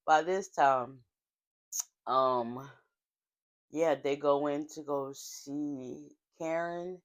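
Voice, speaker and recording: A woman's voice: deep voice, steady tone, drawn-out words. A woman casually recapping a TV drama episode in a chatty, heartfelt storytelling way, with frequent fillers and asides. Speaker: TV show recapper.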